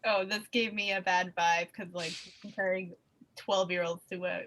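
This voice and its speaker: A woman's voice: on the low side, steady tone, moderate pace, fairly bright tone, a little hiss or hum. A woman, a former school nurse, in a casual chat, making dry, offhand remarks.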